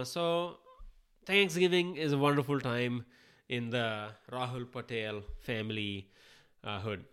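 A man's voice: lowish voice, a bit bright, smooth. A man from India, hosting a podcast while sick and under the weather, in a rambling, self-deprecating monologue that swears casually. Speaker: podcast host.

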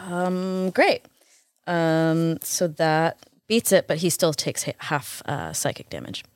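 A woman's voice: sits low, slow, no room sound, studio quality. A woman playing a tabletop game, gleeful and blunt, laughing often. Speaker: player. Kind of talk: casual tabletop game chat.

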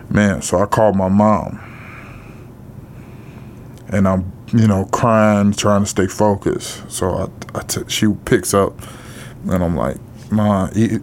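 A middle-aged man with a low voice tells a personal story slowly, pausing often and leaning on fillers. His talk is blunt and sprinkled with casual swearing. A faint noise sits under the recording. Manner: halting, with frequent pauses and fillers. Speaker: podcast co-host.

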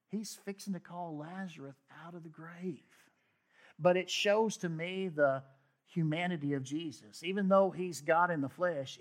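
A man's voice: fairly high pitch, a bit bright. A man preaching a sermon, reading scripture aloud with emphatic asides. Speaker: pastor.

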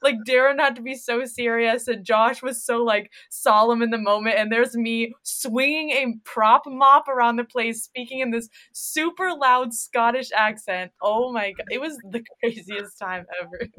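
A young woman, an actress guest, telling stories in an animated, excitable way. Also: fairly high pitch, normal speed, few pauses. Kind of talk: casual chat.

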